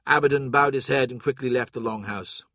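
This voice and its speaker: Gravelly male audiobook narrator. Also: mid-range voice, brisk, a bit bright, no echo, studio quality. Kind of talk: scripted narration.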